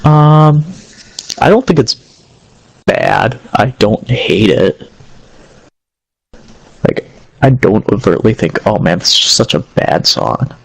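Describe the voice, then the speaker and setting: A young man in casual chat, opinionated and full of fillers, with a slightly low voice. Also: very animated, slow, vocal fry, long pauses, husky, dry recording, rough recording.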